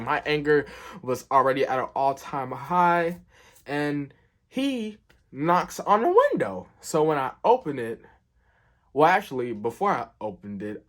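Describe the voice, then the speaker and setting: A man's voice: mid-range voice, a bit bright. A young man telling a work story in a casual storytime, rambling and filling gaps with "like" and "um". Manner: rambling, filler-heavy, keeps saying "like".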